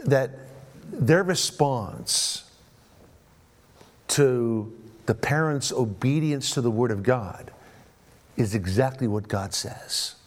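A man's voice: medium pitch, animated, slow pace, pauses often. A middle-aged man preaching a sermon as a pastor, repeating phrases for emphasis and often asking the congregation "right?".

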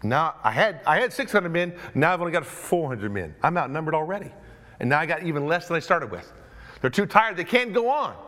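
Animated male preacher acting out scenes. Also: fairly high pitch, a little fast. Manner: animated, acts out voices of the story; restarts and repeated words. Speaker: pastor. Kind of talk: sermon.

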